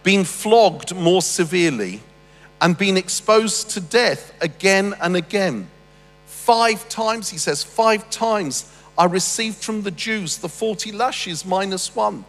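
Male preacher, witty and animated, fairly high voice, long hall reverb with faint music under him. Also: slow. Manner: humorous, animated storytelling with asides. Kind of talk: sermon.

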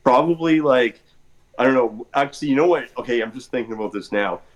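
A man's voice: medium pitch, fairly quick, rough recording. A man chatting casually on a podcast, rambling with lots of filler words. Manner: rambling, many fillers like "like" and "or whatever". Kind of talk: casual chat.

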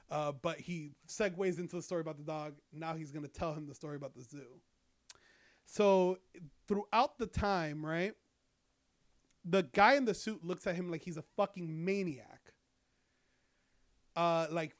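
Young guy, slightly higher voice, casual profane storyteller. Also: moderate pace, long pauses. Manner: rambling, profane, lots of fillers. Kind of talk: casual chat.

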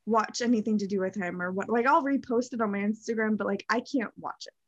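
On a dull, dry, lo-fi recording, a podcast co-host talks fast at a medium pitch, effusive in casual conversation and leaning heavily on the word "like."

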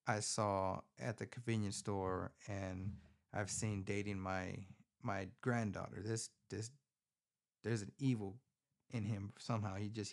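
A man hosting a podcast, recapping a film in a casual, profane, rambling way with animated storytelling, recorded on a phone. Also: fairly low pitch. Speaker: podcast host.

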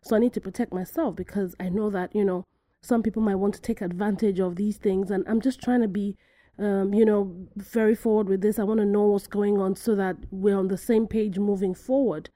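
A woman from Africa hosting her own podcast, telling a story in a lively way and acting out the voices of the people in it. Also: medium pitch, fairly quick, dry recording. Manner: animated storytelling, acts out quoted voices. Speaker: podcast host. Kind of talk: solo podcast monologue.

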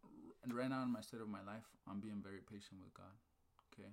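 A man's voice: on the low side, a little fast, gravelly. A man in casual chat, telling a story with energy, asking "right?" and "okay?" often, with casual swearing and talk of faith. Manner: animated storyteller, fired up, repeats "right?" and "okay?".

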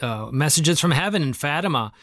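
A man's voice: fairly high pitch, animated, fairly quick, a bit bright, no echo, studio quality. A man hosting a podcast interview, earnest and long-winded, framing ideas in religious terms. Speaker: host.

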